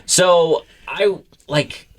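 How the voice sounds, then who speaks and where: A young man co-hosting a comedy podcast, telling stories in an animated, profane way and acting out the voices of the people he quotes. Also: fairly high pitch, very slow, slight background noise. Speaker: podcast co-host. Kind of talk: casual comedic storytelling.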